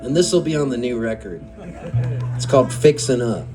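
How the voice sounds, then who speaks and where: A man's voice: mid-range voice, lively intonation, normal speed, over loud music. Chatty man rambling through a stage story. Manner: rambling, chatty, laughs often. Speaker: singer-songwriter telling a story on stage. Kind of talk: live stage storytelling between songs. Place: live music venue.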